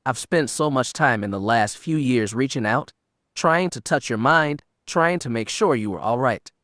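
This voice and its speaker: A man's voice: mid-range voice, expressive, normal speed, a bit bright, dry recording, clean studio sound, natural voice. A man voicing an earnest, nervous young man who is the heroine's old friend, in an audiobook reading.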